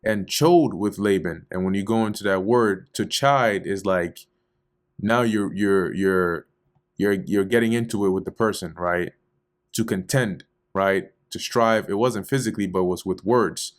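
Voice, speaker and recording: A man reading scripture aloud and explaining it in casual, slangy paraphrase during a relaxed Bible study. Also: deep voice, unhurried. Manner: reads archaic verses, then explains them in loose slangy paraphrase.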